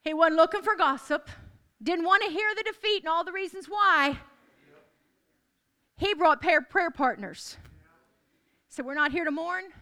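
Woman preacher, very high bright voice, declaring and repeating calls to a congregation. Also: a little slow, pauses often. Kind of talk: sermon.

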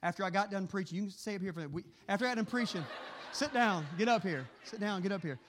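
A middle-aged man preaching a sermon, telling animated stories in a quick, excitable way. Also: high-pitched, noisy background. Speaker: pastor.

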